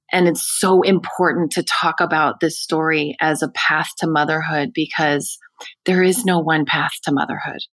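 A woman's voice: low voice, fairly bright tone, no echo. A woman hosting an interview show, affirming her guest in an effusive way. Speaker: podcast host. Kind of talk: interview conversation.

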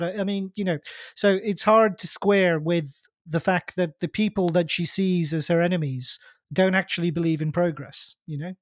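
Male co-host, higher pitch, argumentative but hedging, dead-dry mic. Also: steady tone, moderate pace, a bit bright, no room sound. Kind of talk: casual podcast discussion.

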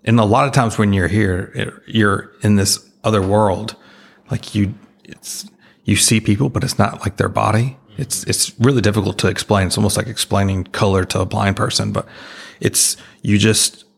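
A man earnestly retelling a personal experience as an interview guest, halting and full of restarts. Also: fairly low pitch, fairly even intonation, gravelly.

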